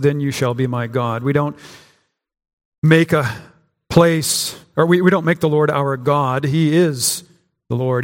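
A male pastor delivers a sermon in a conversational, searching way, often restarting his sentences and acting out quotes. His voice sits fairly high for a man. The sound rings with the long reverb of a church sanctuary. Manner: conversational preaching with frequent restarts and acted-out quotes.

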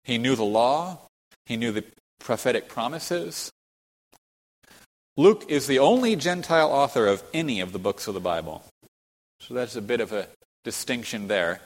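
Guy teaching a bible passage from the pulpit, walks through it point by point, big echoey church hall. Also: on the low side. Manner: explanatory, reads quotes aloud, points to a map. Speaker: preacher teaching a Bible study. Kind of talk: expository sermon teaching. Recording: long hall reverb.

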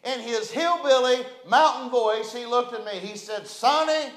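A man's voice: extremely high pitch, moderate pace, a bit bright. A middle-aged man with a West Virginian accent preaching a folksy, conversational storytelling sermon in a church sanctuary. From West Virginia, USA. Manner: folksy, conversational, repeats phrases. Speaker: pastor. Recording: roomy church echo.

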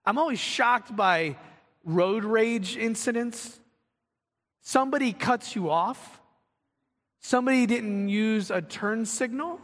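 A male pastor delivers a sermon in a high, bright voice. He reads scripture aloud and acts out quotes with animated emphasis. His words carry a long reverb from a large hall. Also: slow pace.

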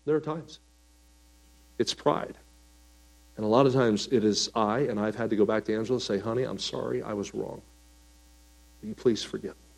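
A man preaches a sermon in a mid-range voice, weaving in stories. His pastoral delivery moves between quiet, gentle passages and loud, animated ones.

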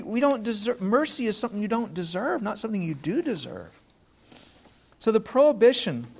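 A man preaching a sermon, earnest, posing rhetorical questions, quoting scripture and repeating words as he thinks. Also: high-pitched.

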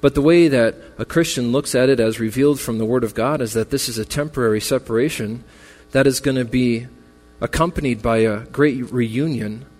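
Faint music and long reverb fill the church sanctuary as a pastor with a medium-pitched, darkish voice preaches at a memorial. He is earnest and consoling, his delivery steadily building in intensity.

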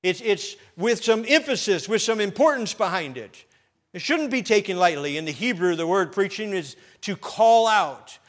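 A man's voice: high voice, lively intonation, normal speed. A man, a pastor, preaching a sermon with emphatic rising bursts and light jokes to the congregation.

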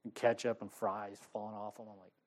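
Middle-aged male preacher, fast storytelling testimony, swings loud to hushed. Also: lowish voice, level tone, a little hiss or hum. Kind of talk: sermon testimony.

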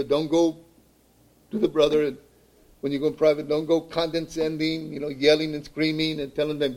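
A man preaching a sermon as pastor, often pausing to ask "okay?" and repeating words as he builds a point. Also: fairly high pitch, darkish tone, poor audio. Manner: repeats "okay?" to check in with listeners.

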